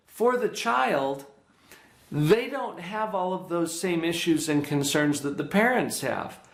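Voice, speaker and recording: A middle-aged man giving a parenting workshop lecture, earnest and teacherly, often checking that his listeners follow. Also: a little high. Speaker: workshop presenter, psychologist. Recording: echoey room.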